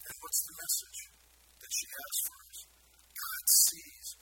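A man preaching a sermon in an animated way, putting questions to the congregation. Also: very high-pitched, a little slow. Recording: loud background noise.

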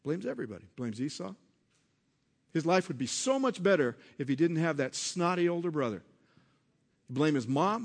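A man preaching a sermon, asking the congregation questions and swinging between hushed, low passages and loud, emphatic ones. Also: expressive, moderate pace, gravelly, long pauses. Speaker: pastor.

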